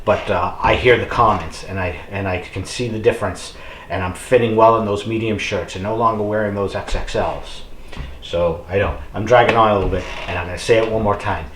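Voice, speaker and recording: A man's voice: on the low side, fairly even intonation, a little fast, fairly bright tone, echoey room, a little hiss or hum. A middle-aged man talking casually to camera, rambling with many fillers and urging his viewers on. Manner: encouraging, addresses viewers as folks. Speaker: fitness vlogger. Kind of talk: casual motivational talk to camera.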